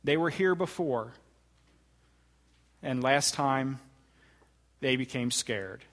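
A man preaching a sermon, with deliberate, emphatic phrasing that slows to stress key words. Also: mid-range voice, a bit bright, in a large hall. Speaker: pastor.

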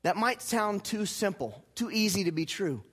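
A male pastor preaching a sermon, putting questions to his congregation and asking them to repeat lines back, swinging from loud emphatic lines to low, quiet ones. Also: lively intonation, normal speed, breathy edge. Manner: rhetorical questions and call-and-response with the congregation.

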